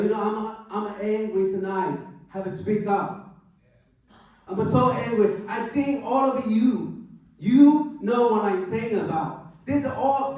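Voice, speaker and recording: High-voiced man in broken English. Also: a little mellow. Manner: broken English, emphatic, asks the crowd for agreement. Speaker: political candidate. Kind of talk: angry campaign speech at a club meeting. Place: club meeting room. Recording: echoey room, mic far off.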